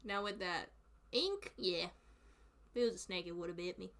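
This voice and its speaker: This time the young Southern-accented streamer from North Carolina sounds fairly low-pitched, at a moderate pace. She talks casually with viewers, getting excited and laughing frequently.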